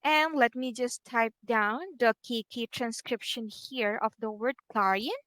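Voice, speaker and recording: A woman teaching a one-on-one online English lesson, patient and encouraging, pausing to type corrections as she talks. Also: fairly high pitch, a bit bright, no room sound.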